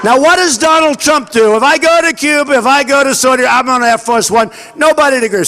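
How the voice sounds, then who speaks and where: An older man speaking into a podium microphone at a large outdoor rally, his voice pushed unusually high as he shouts to the crowd. He is boastful and repetitive, and acts out the dialogue he quotes. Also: brisk, hardly any pauses. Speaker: political candidate at a campaign rally. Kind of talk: campaign rally speech.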